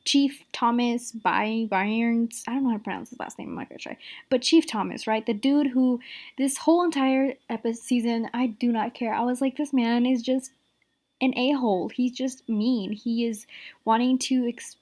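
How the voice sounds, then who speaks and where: A woman's voice: fairly high pitch, steady tone, a little mellow. A woman giving a casual, exasperated opinion rant about a show, filling her talk with "like" and "the thing is". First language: Spanish. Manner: exasperated, rapid, repeats "like" and "the thing is". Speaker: show reviewer.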